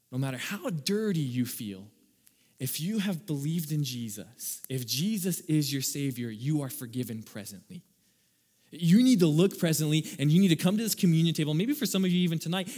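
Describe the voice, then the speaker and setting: A man preaching a sermon as pastor, animated, acting out little scenes and laughing at his own jokes. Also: on the high side, husky. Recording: long hall reverb.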